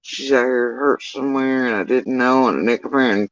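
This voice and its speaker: Man, emotional halting retelling, lots of swearing, slightly muffled, dry close sound. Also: mid-range voice, fairly bright tone, no room sound. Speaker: witness recounting events. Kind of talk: emotional personal account on a livestream.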